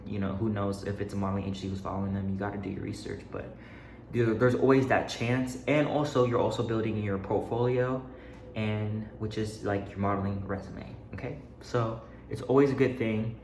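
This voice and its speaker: A man's voice: fairly low pitch, fairly even intonation, a little fast, a little mellow. A young man giving casual modeling advice while walking around a room, a little out of breath, chatty with loose restarts. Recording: echoey room, faint noise.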